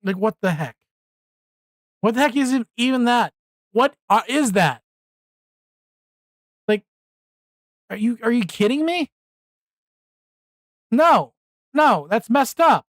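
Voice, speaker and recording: A man's voice: extremely high pitch, animated, slow pace, long pauses, fairly bright tone, dry recording. A man hosting a live reaction stream, talking bluntly and exclaiming, often repeating himself when worked up. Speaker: streamer host.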